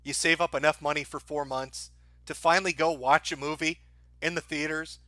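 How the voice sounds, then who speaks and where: A man's voice: fairly high pitch, fairly even intonation, normal speed, bright, forceful tone, no echo, clean studio sound. A man hosting a live stream, ranting sarcastically and profanely to his chat, often breaking into laughter.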